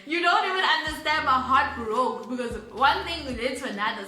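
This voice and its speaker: A young South African woman telling a story on her vlog, animated and giggly, laughing often. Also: high voice, normal speed, few pauses, reverberant, faint music behind. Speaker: YouTuber.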